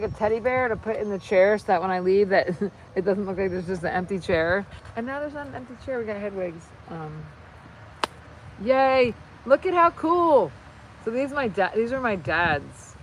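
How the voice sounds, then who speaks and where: Woman rambling on a phone livestream, gets all excited, keeps cutting herself off, bit of faint noise behind. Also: mid-range voice, normal speed, poor audio. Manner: rambling, excitable, self-interrupting. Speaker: channel host. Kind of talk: casual livestream chat while crafting.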